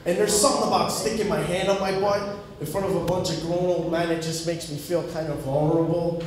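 On a comedy club stage before an audience, a man delivers a stand-up set with punchy storytelling and acted-out dialogue. His steady, brisk voice sits on the high side, picked up by a distant mic in a very echoey live recording full of crowd noise.

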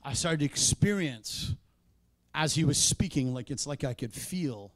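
A man preaching a sermon in a church, conversational in tone, with sudden loud emphatic peaks. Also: a little high, lively intonation, a little slow, dry recording. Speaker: pastor.

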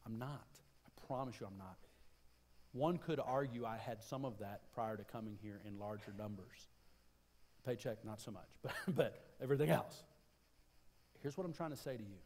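A man's voice: lowish voice, moderate pace, darkish tone. Man preaching in a reverberant church. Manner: conversational preaching with repeated phrases. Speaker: pastor. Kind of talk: sermon. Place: church auditorium. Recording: live church sermon with long reverb.

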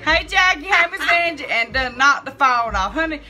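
Bright, high-pitched, playful woman. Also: lively intonation, normal speed. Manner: playful, giggly, greets viewers by name. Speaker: makeup presenter. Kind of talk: casual livestream banter. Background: faint background music.

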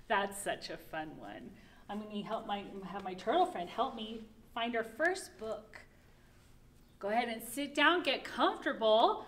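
Slow, lively woman reading storytime. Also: mid-range voice. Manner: animated and playful, with gasps of surprise and hushed asides. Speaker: children's librarian.

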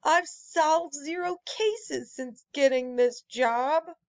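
A woman voicing Inspector Croissant, an anxious, eager young male pastry detective who talks in excitable, earnest exclamations. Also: sits high, slow pace, dull audio, pitched above the performer's own voice.

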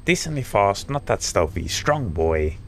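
Sarcastic deep-voiced gamer. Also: male voice, big pitch swings, slight background noise. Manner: sarcastic, swearing, reads aloud haltingly. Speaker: let's play host. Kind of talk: gaming commentary. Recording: game music behind.

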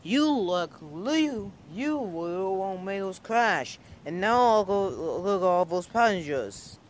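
A man's voice: high voice, expressive, slow, slight background noise, voice pushed up. A man voicing an angry male train driver who scolds in stumbling bursts. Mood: scolding.

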